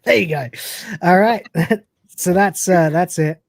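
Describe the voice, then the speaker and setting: A man's voice: sits high, takes it slowly, creaky, background noise. A man hosting a live show, chatting casually and animatedly as he retells scenes and quotes the characters. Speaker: podcast host. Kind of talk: casual chat recapping an episode.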